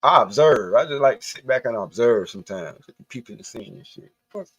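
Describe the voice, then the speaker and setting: A man's voice: medium pitch, animated, brisk, husky, dull audio. A man from the Southern US giving a profane, blunt, rambling rant on a livestream. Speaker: livestream host. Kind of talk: casual ranting monologue.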